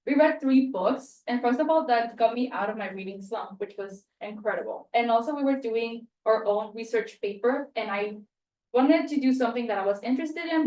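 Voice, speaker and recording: A woman's voice: a little high, fairly quick, a little mellow. A young woman from Mexico giving a spoken end-of-year student presentation, chatty and self-deprecating, with lots of fillers. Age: young adult. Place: room at a university. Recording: echoey room, mic set at a distance.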